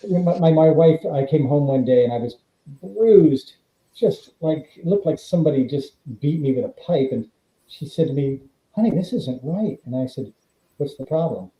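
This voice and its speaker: This middle-aged former stuntman, interviewed on a podcast, has a medium-pitched voice at normal speed, captured in an echoey room with dull audio. His storytelling is animated, and he performs the dialogue he quotes.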